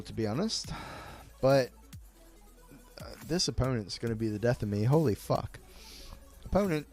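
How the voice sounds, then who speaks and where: A man gives running commentary on his card game in a live stream, his voice bouncing up and down with excitement and sitting a little high for a man. He curses freely and keeps addressing his chat, with soft music playing behind him. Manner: excitable, swears a lot, talks to chat.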